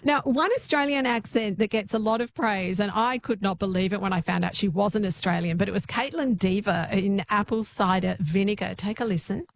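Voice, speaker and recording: A woman hosting a radio interview, lively and conversational as she introduces clips and asks questions. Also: medium pitch, a little fast, few pauses, a little hiss or hum. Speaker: radio host.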